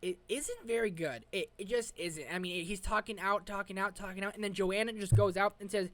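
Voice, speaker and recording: A woman vlogger talks through a TV episode in a loose, excitable ramble full of slang and restarts. Her pitch sits at an ordinary middle height. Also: a little fast, few pauses. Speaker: film review vlogger. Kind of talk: casual episode review.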